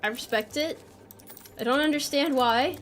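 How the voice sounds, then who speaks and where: With faint music behind her, a young American woman chats playfully during a gaming live stream, making fun of herself and reading out chat messages. She speaks at a normal speed in a high voice.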